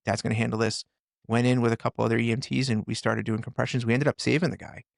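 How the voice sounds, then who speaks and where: Middle-aged man, gravelly, dry close mic; earnest storyteller who restarts often. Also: mid-range voice, level tone, no room sound. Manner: earnest, halting, with many restarts. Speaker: podcast guest, firefighter and author. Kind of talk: storytelling in a conversation.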